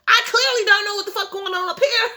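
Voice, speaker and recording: A woman reading a novel aloud and stopping often to react in animated, profane outbursts. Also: extremely high pitch, fast talker. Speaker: reader and commentator. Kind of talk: casual read-aloud with reactions.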